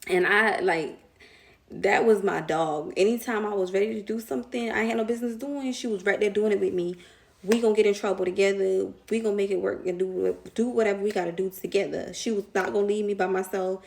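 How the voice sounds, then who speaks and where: A woman's voice: medium pitch, steady tone, fairly quick, gravelly. A young woman telling a casual storytime to her viewers, slangy and chatty, laughing often.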